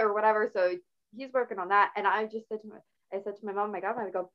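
A middle-aged woman hosting a casual talk show, telling stories in a chatty, animated way. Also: medium pitch, a little fast. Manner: chatty, animated storytelling with laughs. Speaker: podcast host. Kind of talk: casual conversational interview. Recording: slightly dull lo-fi audio.

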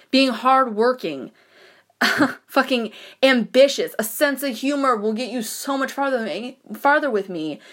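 A woman ranting in a blunt, profane, animated way, often laughing between thoughts. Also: a little high. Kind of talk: casual rant.

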